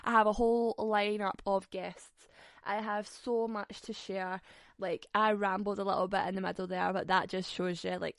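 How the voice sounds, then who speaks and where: A woman's voice: medium pitch, dry recording. Sassy woman, twenties, podcast host; sweary, giggly banter, dead-dry recording. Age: 20s. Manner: sweary, sassy, quick to laugh. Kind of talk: casual solo podcast chat.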